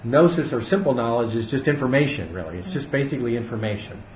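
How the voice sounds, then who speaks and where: A man's voice: medium pitch, lively intonation, quick pace, crowd noise. A man leading a casual Bible study for a small group, thinking aloud with frequent fillers and restarts. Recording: echoey room, muffled audio.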